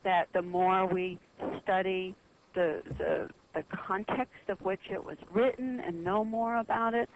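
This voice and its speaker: A woman guest on a radio talk show telling a religious history story in an earnest, halting way with many pauses. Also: medium pitch, steady tone, highs cut off, a little hiss or hum.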